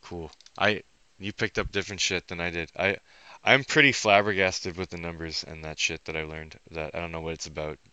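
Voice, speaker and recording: A man's voice: low voice, fairly even intonation, fairly quick, sharp tone, clear, resonant tone, no room sound. A man rambling through a monologue, swearing heavily and breaking off his sentences as he thinks aloud. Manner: profane, restless, thinking aloud; self-interrupting, trails off mid-sentence. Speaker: vlogger.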